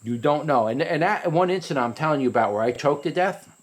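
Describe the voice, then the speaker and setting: A man giving a casual, rambling review of a hot pepper, often restarting his sentences and climbing higher when he retells a story. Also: lively intonation, quick pace.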